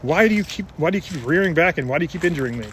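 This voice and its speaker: A man's voice: a little high, expressive, very fast, fairly bright tone, a little hiss or hum. A man voicing a loyal donkey that asks plaintively why it is being beaten. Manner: paraphrased plaintive questions.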